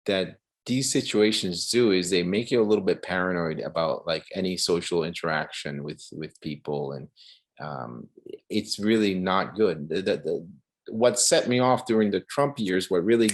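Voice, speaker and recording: A man giving a casual artist talk over a video call, telling animated stories full of restarts and acted-out quotes. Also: deep voice, normal speed. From Cuba. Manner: animated, many restarts, acts out quoted voices. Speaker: guest artist.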